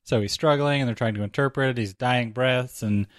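A man recapping a movie in casual chat, animated and quick with joking asides. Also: medium pitch, no room sound, clean studio sound.

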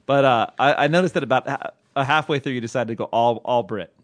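A man's voice: medium pitch, no echo. A man co-hosting a casual podcast, bantering and teasing with jokey asides. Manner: joking, teasing, quick asides. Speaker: podcast co-host.

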